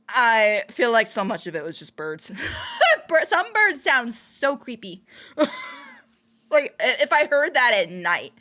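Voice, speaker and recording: A woman livestreamer chatting casually while reacting to videos, laughing often. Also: on the high side. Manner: giggly, laughs often, animated.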